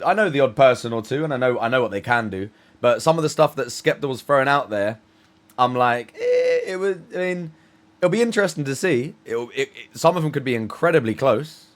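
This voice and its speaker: A man's voice: mid-range voice, animated, a little fast. Rambling man reacting. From United Kingdom. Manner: rambling, hesitant, with many restarts. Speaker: reaction channel host. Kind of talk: casual reaction commentary.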